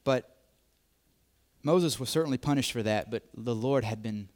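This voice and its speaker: A man's voice: mid-range voice, normal speed, a little mellow. A man preaching a sermon, repeating key phrases, swelling to emphatic peaks and dropping to near whispers. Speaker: pastor.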